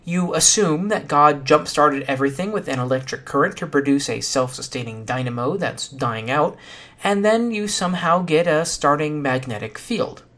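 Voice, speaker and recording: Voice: medium pitch, animated, moderate pace, a bit bright. A podcast host giving a solo science explanation in a casual, dry and sardonic way, with some fillers.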